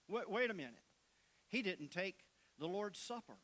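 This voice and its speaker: A man preaching a sermon, deliberate and repeating phrases for emphasis as he retells scripture in plain everyday words. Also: high voice, sing-song, bright, forceful tone. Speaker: pastor.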